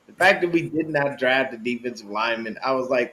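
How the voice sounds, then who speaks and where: A man co-hosting a casual sports podcast, chatting in an animated, slangy way and laughing often. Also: mid-range voice, a little fast, a little hiss or hum. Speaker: podcast co-host.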